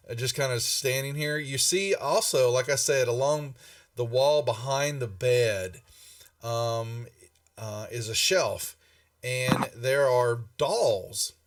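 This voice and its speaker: A man's voice: medium pitch, a bit bright, dry recording, clean studio sound, far from the mic. A man narrating a tabletop game as game master, rambling with many fillers and restarts.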